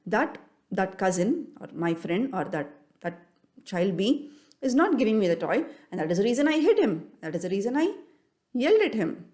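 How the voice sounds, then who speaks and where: A woman's voice: mid-range voice, darkish tone. A woman, a parenting coach talking straight to parents in an earnest, questioning way, often restarting and repeating her phrases. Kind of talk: solo talk to parents.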